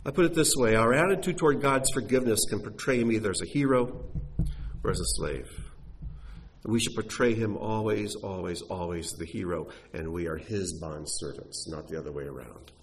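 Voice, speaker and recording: A man's voice: on the low side, moderate pace, slight background noise. A man preaching a sermon, teaching from scripture with emphatic rhetorical questions. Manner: animated, rising and falling with emphasis, rhetorical questions.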